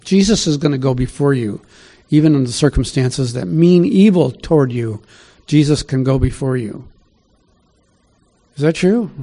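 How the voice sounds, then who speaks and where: A pastor with a mellow, fairly high voice gives a conversational sermon. He reads scripture aloud and puts questions to his listeners as he goes.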